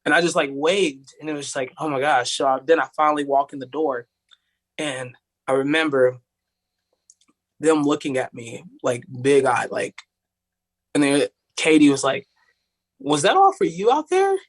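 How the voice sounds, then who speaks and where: A man's voice: mid-range voice, fairly even intonation, normal speed, long pauses. A young man from Tennessee, telling a story in a rambling, casual way, full of "like". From Tennessee, USA. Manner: rambling, heavy use of "like", acts out voices of others. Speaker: podcast guest, singer.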